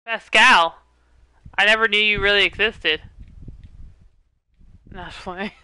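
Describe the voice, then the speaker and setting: A woman live streaming, chatting casually and laughing a lot as she talks loudly into her headset. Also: mid-range voice, fairly even intonation, moderate pace, smooth, no room sound, low-quality recording. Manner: giggly, chatty, says she talks loud. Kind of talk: casual gaming stream chat.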